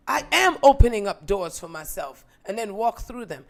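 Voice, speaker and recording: A woman leading a motivational affirmation talk, blunt and profane, hammering points with forceful emphasis. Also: medium pitch, big pitch swings, normal speed, vocal fry, few pauses. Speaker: motivational speaker.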